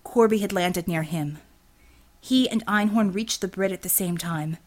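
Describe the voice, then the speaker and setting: A woman reading an action novel aloud as audiobook narrator, steady and expressive. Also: on the low side, a little slow. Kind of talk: scripted narration.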